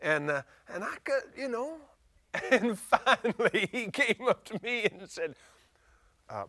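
High-voiced folksy preacher. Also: male voice, sing-song, unhurried, no echo. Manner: folksy, chuckling, bursts into shouts. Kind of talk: sermon.

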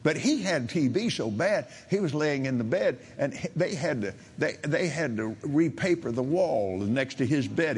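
Older male preacher, slow and halting, voice a bit high, faint room tone behind. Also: slight background noise. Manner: halting, repeats words, rises to loud preaching. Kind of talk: sermon storytelling.

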